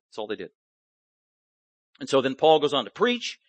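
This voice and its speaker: A man's voice: medium pitch, sing-song, moderate pace, pauses often, no room sound. A male preacher giving an emphatic, impassioned expository sermon and stressing his points heavily.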